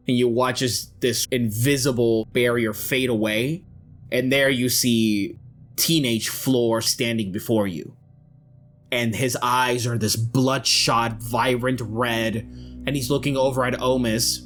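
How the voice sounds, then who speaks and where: A man runs a tabletop game, describing the scene in slow, measured narration. Faint music plays under his voice. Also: mid-range voice, fairly even intonation, a bit bright. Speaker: game master.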